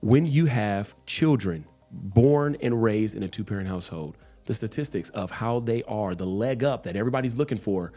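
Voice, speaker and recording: Man, lowish voice, mellow, agreeable, casual co-host. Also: expressive, normal speed, soft background music. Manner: agreeable, frequent backchannel affirmations. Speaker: co-host, marriage event organizer. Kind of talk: casual chat.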